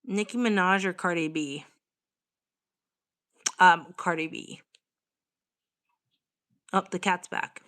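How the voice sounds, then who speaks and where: A woman's voice: on the low side, slow pace, long pauses, fairly bright tone. A young woman from Australia, chatting casually on a live stream at home and reading out viewers' comments. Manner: chatty, reads out viewer comments, talks to her cat. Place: home living room.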